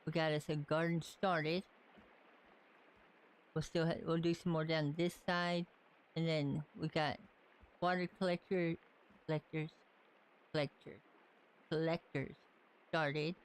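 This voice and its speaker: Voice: medium pitch, little pitch movement, a little slow, pauses often, smooth. A game streamer from the Southern United States with a light Southern accent, casually chatting and thinking aloud while playing. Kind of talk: casual live-stream gameplay commentary.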